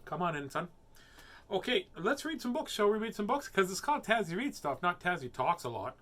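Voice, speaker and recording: A man with a bright, forceful voice sitting a little higher than most, chatting in a silly, rambling way. He then reads picture books aloud as host of a children's story show. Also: big pitch swings, fairly quick. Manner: playful and silly, rambling asides. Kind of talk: casual chat and picture book reading.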